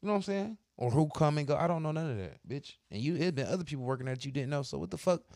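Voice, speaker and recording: A man's voice: a little high, lively intonation, racing, a little mellow, no echo, studio quality. A man who works as a barber and co-hosts a podcast, telling crude, heated stories about arguments in a blunt, profane, casual way. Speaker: podcast co-host.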